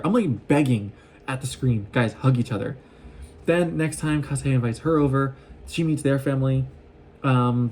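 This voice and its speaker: A man casually recapping a show in an excitable, rambling way, often acting out what the characters say. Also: medium pitch. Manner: excitable, gushing, acts out quoted lines. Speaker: vlogger recapping an anime.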